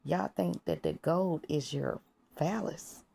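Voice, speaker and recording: A woman's voice: low-pitched, very animated, slow, gravelly, dark tone, husky. A woman in a casual spiritual monologue, talking bluntly and profanely, laughing at her own jokes and sometimes dropping to a whisper. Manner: drops to whispers at times. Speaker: vlogger.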